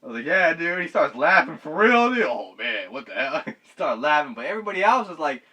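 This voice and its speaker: A man's voice: on the high side, very animated, brisk, bright, forceful tone, breathy edge. A young man telling a story casually to his viewers, slangy and swearing, laughing at his own tale. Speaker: vlogger. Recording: voice a bit far from the mic.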